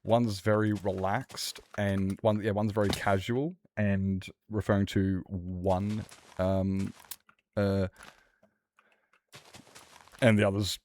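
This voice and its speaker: Male streamer, lowish voice, loose rambling chat with frequent laughs. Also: a little mellow, slight background noise. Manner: rambling, self-interrupting, laughs often. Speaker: Minecraft streamer. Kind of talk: casual live-stream chat.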